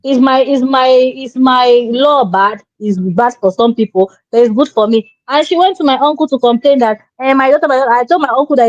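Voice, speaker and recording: Woman, co-host type, preachy and emphatic, slightly high voice, dull lo-fi dry sound. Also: fairly quick, hardly any pauses, no room sound. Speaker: relationship show co-host. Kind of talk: opinionated advice talk.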